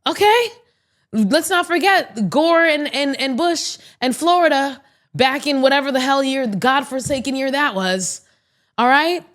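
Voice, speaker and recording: A woman's voice: high-pitched, lively intonation, measured pace, fairly bright tone. A woman hosting a podcast of casual political commentary, blunt and outspoken, swearing freely and talking straight to her listeners. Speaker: podcast host.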